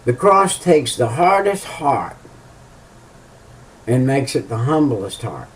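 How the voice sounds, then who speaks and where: A man preaching informally, halting with many fillers and restarts, and repeating key phrases for emphasis. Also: mid-range voice, sing-song, a little hiss or hum. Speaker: lay preacher. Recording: voice a bit far from the mic.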